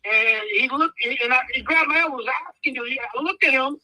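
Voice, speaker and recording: A man's voice: very high voice, fairly quick, dry recording, low-quality recording. A man, telling stories on a podcast as a guest and acting out the voices of the people in them. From United States. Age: 50s. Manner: animated, acts out voices in his stories. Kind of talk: casual storytelling.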